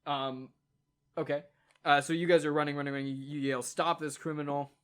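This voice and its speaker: A man's voice: on the high side, level tone, clear, resonant tone. Casual male game master narrating. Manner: casual, halting narration with fillers.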